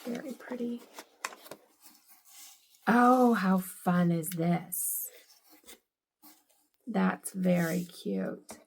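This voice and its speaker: Slow, gravelly-voiced woman gushing over gifts. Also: fairly low pitch, a little mellow. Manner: gushing, delighted, lots of "I love it". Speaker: vlogger unboxing gifts. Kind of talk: casual vlog narration.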